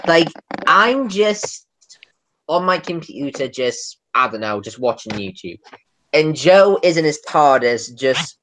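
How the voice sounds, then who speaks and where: A woman's voice: low voice, sing-song, slow, fairly bright tone. A young woman hosting a stream, chatting casually with friends and rambling through silly stories with lots of fillers. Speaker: stream host. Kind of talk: casual group voice chat. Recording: noisy voice-chat stream recording.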